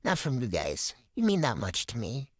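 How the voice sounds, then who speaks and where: A young woman answering viewer questions in a casual, deadpan comedic monologue. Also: normal speed, husky, no echo, studio quality. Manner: deadpan, absurd jokes, lively pitch swings. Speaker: vlogger.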